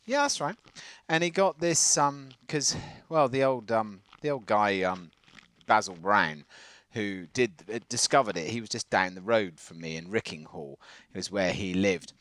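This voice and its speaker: A man with a slightly plummy southern English accent, co-hosting a casual countryside podcast, talking in an animated, rambling way. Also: fairly low pitch, moderate pace, no echo. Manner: animated, rambling, laughs often. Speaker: podcast co-host. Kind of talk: casual chat.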